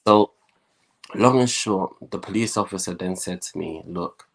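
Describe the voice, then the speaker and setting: A young man with a very low voice tells his own story as a guest. He talks in a lively way and slips into the voices of the people he quotes. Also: unhurried, vocal fry. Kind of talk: telling his life story.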